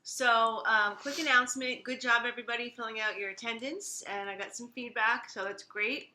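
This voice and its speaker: A woman's voice: a little high, steady tone, normal speed, sharp tone. A woman teacher making casual, chatty announcements to her online class, with many fillers.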